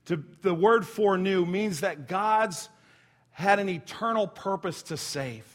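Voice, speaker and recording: With a high voice and a measured pace, a middle-aged man preaches as pastor in a conversational manner, making asides and correcting himself. Telling a quiet story, he falls to a near whisper.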